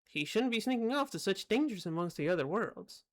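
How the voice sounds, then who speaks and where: A woman voicing a stately older male king, lowering her voice to sound like a man. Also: expressive, fairly quick, close to an everyday voice. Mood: regal. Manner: lowered voice, trying to sound manly.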